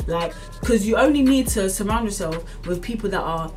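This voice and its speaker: A woman's voice: mid-range voice, lively intonation, brisk, darkish tone, recorded from a distance, soft background music. A young woman, ranting casually to camera with lots of fillers and earnest, preachy encouragement. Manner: rambling, repeats itself, many fillers like "like" and "as in". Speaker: vlogger.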